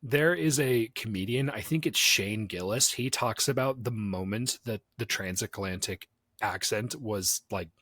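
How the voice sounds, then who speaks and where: A young man co-hosting a casual podcast, animated, laughing often and slipping into silly voices. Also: on the low side, unhurried, husky, no room sound, studio quality. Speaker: podcast co-host.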